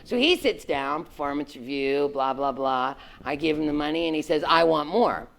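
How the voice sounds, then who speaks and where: A middle-aged woman, a former tech executive, telling a story to students in a frank, animated way, full of "like" and "right?". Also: sits low, moderate pace. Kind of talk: candid storytelling talk to students.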